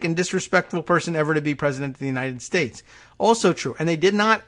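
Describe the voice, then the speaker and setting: A political podcast host reading a news story aloud and breaking off into sarcastic, laughing asides, full of fillers. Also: male voice, fairly high pitch, brisk, a bit bright.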